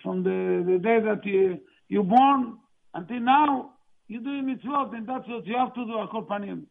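A man's voice: high-pitched, creaky. Man teaching over tinny radio. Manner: mixes Hebrew phrases into halting English, slow emphatic stresses. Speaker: religious teacher. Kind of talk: Tisha B'Av talk.

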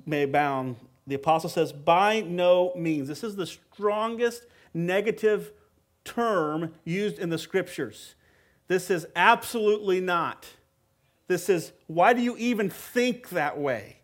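A male pastor with a fairly high voice delivering a sermon. He talks to the congregation in a relaxed, conversational way, then leans hard on key words and repeats phrases for emphasis. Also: a little slow.

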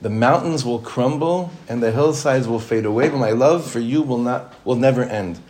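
A rabbi leads an informal class in a middle-pitched male voice. He speaks in a conversational way, circles back over his own phrases for emphasis and often breaks into a chuckle. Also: normal speed, a little mellow.

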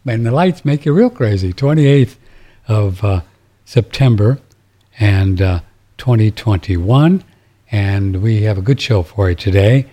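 A man's voice: lowish voice, animated, measured pace, dark tone. A man hosting a talk radio show, rambling casually with many fillers and restarts.

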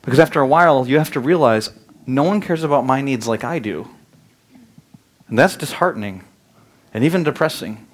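A man in his thirties preaching a sermon as pastor, telling lively stories that climb loud and high. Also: a little fast, pauses often. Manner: animated storytelling, rising loud and high in anecdotes. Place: church sanctuary.

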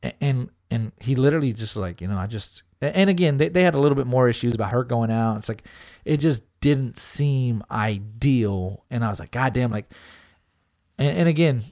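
A man's voice: mid-range voice, lively intonation, moderate pace, a little mellow, no room sound, studio quality. A middle-aged man telling a story in casual chat, swearing freely, quoting friends and using lots of fillers. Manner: loose and profane, lots of fillers, quotes friends and family.

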